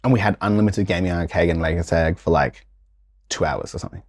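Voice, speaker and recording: A man, a guest in a casual interview, telling stories in a slangy, animated way and acting out the voices of people in them. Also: deep voice, quick pace, dry recording, clean studio sound.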